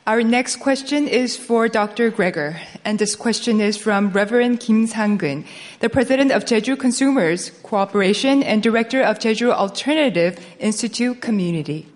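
Woman moderator, slightly high voice, polite announcements, long hall echo. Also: moderate pace. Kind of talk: formal event hosting.

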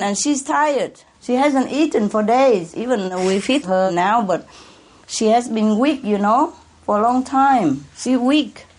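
In a casual conversation, a woman who is addressed as master speaks in a mid-range voice. She sounds earnest and emotional, halting and restarting, with soft laughs.

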